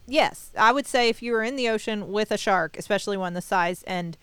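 A young adult woman co-hosting a podcast, chatting casually with her sisters in a wry, measured way. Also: medium pitch, smooth, no room sound. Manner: wry, measured, reads sponsor spots. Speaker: podcast co-host. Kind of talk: casual chat among sisters.

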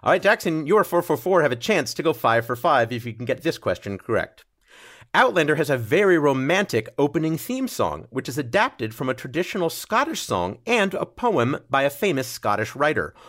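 A man's voice: a little high, big pitch swings, fairly quick, a bit bright. A man hosting a comedy trivia podcast, reading questions in a playful way and laughing often. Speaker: quiz show host.

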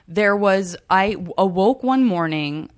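A woman's voice: medium pitch, expressive, unhurried. A young woman hosting a podcast in casual chat, telling a story with many restarts and easy laughter. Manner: chatty, hesitant restarts, laughs easily. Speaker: podcast host.

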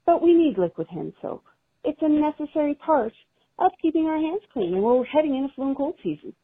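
A woman's voice: high-pitched, sing-song, brisk, no room sound. Wry woman caller on a tinny phone. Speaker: caller leaving a voice message. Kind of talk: recorded voice message. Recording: tinny dry phone line.

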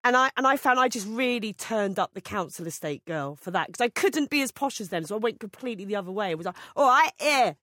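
A woman's voice: medium pitch, animated, quick pace, hardly any pauses, pushed and bright, dry recording, clean studio sound. A woman from Kent with a southeast English accent, telling chatty stories as a comedy panelist and giggling often. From Kent, England.

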